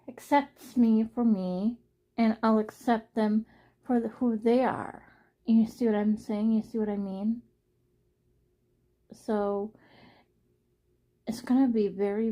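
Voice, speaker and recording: A young woman chatting to the camera in a personal vlog, her voice a little higher than most and soft and mellow in tone. She rambles earnestly, circles back and repeats herself as she thinks aloud. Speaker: vlogger.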